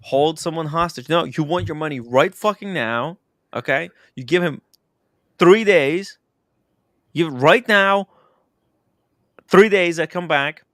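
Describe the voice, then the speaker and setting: A man's voice: fairly high pitch, moderate pace, pushed and bright, dry recording, clean studio sound. A man hosting a casual chat show, blunt and emphatic, swearing freely. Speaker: show host.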